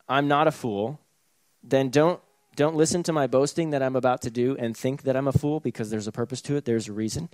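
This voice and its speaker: A man's voice: mid-range voice, fairly even intonation, fairly quick, darkish tone, dry recording. A man preaching a sermon in a casual, conversational way, with sarcastic asides and chuckles. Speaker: pastor.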